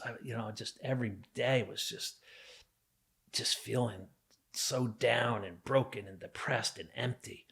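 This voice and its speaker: A man's voice: mid-range voice, steady tone, measured pace, gravelly, a bit bright. A man from New Jersey, a podcast guest, telling his own life story in a casual, earnest way, full of fillers and acted-out quotes.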